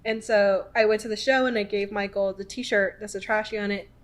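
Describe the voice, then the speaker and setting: A woman in her twenties hosting a podcast, telling a story casually with lots of "like" fillers and animated quoting of people. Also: mid-range voice, fairly quick. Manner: chatty, filler-heavy with many "like"s. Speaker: podcast host.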